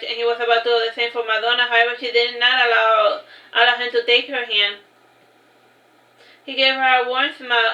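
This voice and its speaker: A woman's voice: a little high, pushed and bright, lo-fi sound. Woman reading her novel aloud in an echoey room. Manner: loose, with restarts and chatty side remarks. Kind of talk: casual reading aloud with asides.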